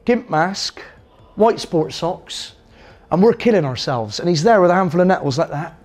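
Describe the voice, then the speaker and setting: A man telling a comic anecdote in a lively, self-amused way. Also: high-pitched, moderate pace. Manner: animated, self-amused storytelling. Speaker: comedian.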